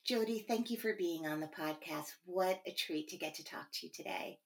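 A woman's voice: fairly low pitch, normal speed. A woman hosting a podcast interview, speaking in a gushing, effusive way to her guest and then closing the show. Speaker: podcast host.

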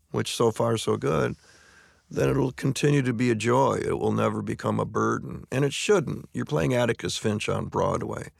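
Gravelly low-voiced man, interview. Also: dry recording, studio quality. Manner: relaxed, anecdotal, frequent restarts and stammered repeats. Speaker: stage actor being interviewed. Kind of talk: conversational interview.

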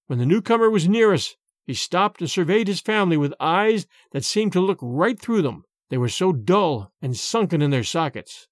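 A man narrating a first-person story in a measured storytelling manner. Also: high-pitched, very animated, dry recording, clean studio sound. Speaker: audiobook narrator.

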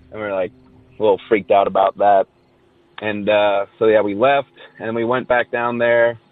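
A man tells a rambling story over a tinny phone line, with plenty of uhs and anyways. His voice sits a little low. The sound is dry and boxed-in. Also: no echo. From Southern California. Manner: rambling storyteller, many fillers. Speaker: caller sharing a ghost story. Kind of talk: casual recorded voice message.

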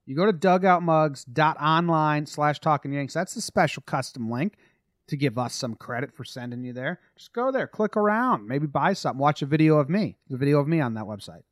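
A man co-hosting a sports podcast in a loose, jokey way. He talks in a fairly high voice that sometimes sinks to a mumble, close to a dry mic. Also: a little fast, no room sound. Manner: jokey, animated, drops to mumbles. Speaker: podcast co-host. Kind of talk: casual sports podcast chat.

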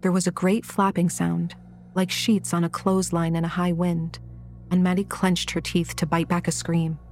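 A woman narrates a horror story in a low, steady voice that stays measured and even throughout. Soft music runs faintly beneath her reading. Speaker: audiobook narrator.

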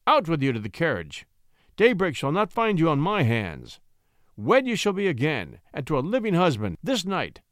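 A man voicing an arrogant, venomous French nobleman who sneers and booms his commands. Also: huge pitch swings, moderate pace, fairly bright tone, dry recording, clean studio sound. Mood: booming, commanding. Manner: sneering, booming, contemptuous.

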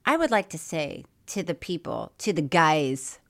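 A woman's voice: low-pitched, sing-song, measured pace, creaky, a bit bright. A middle-aged woman co-hosting a podcast in casual chat, laughing often and reading listener mail aloud. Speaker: podcast co-host.

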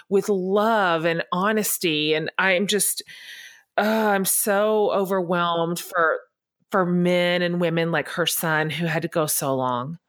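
Low-voiced reflective woman host. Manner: warmly responsive, reflective. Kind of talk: conversational interview.

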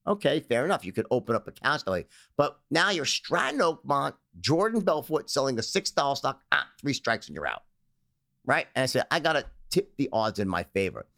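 A man as an interview guest, telling stories and acting out phone sales pitches in character. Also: big pitch swings, a little fast, vocal fry, sharp tone, no room sound, studio quality. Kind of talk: storytelling in a conversational interview.

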